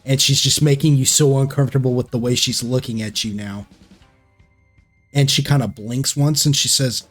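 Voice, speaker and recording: A man's voice: mid-range voice, steady tone, normal speed, fairly bright tone. A man narrating as game master of a tabletop game, hesitant and full of fillers, voicing characters in quotes. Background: background music.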